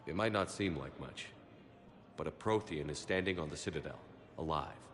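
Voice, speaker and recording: An actor playing a military commander who talks in a steady, low-key, matter-of-fact way. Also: male voice, normal speed, slight background noise. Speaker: player character, military commander.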